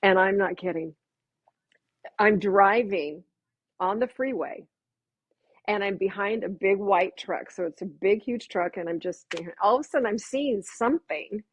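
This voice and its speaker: A woman guest telling personal stories in casual conversation, animated and laughing often as she acts out her own reactions. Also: medium pitch, a little slow, slightly rough, no room sound, muffled recording.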